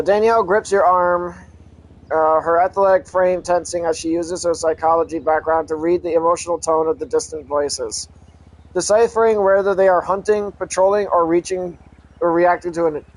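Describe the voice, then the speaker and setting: A man reading an adventure story aloud as a channel host, halting, correcting himself and breaking off for casual asides. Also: a little high, poor audio. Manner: halting reading with frequent self-corrections and restarts.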